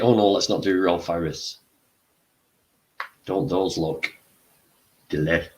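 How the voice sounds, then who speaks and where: A man's voice: sits low, takes it slowly. An older man hosting a casual livestream, chatty and exclaiming, eating while he talks. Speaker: livestream host.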